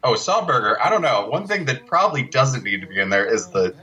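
A man's voice: mid-range voice, very animated, fairly quick, sharp tone, slightly rough, dull audio. A man, a guest filmmaker, telling loose, laughing stories in a casual interview.

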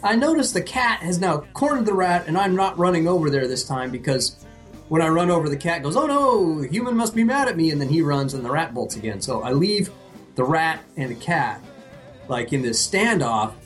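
A man co-hosting a podcast, telling a story in a casual, comedic way, animated and profane, laughing at himself. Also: on the high side, moderate pace, soft background music. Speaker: podcast co-host.

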